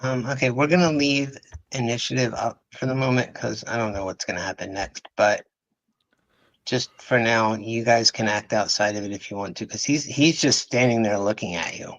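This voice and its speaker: A man narrating as game master, describing scenes in a relaxed, matter-of-fact way. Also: mid-range voice, normal speed, low-quality recording.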